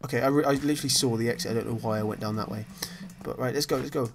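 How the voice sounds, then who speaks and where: A man's voice: mid-range voice, fairly even intonation, racing, gravelly, noisy background. A man giving casual, rambling commentary over his own gameplay, chatty, apologetic and self-deprecating. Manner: frequently apologetic. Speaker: gaming channel host.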